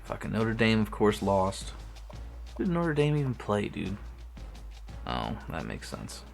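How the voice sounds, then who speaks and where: A man's voice: lowish voice, wildly swooping pitch, a little slow, creaky, soft background music. A young man streaming a sports video game, talking casually to himself, swearing freely and restarting his sentences. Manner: talks to himself while playing, swears often, restarts sentences. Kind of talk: casual gameplay commentary.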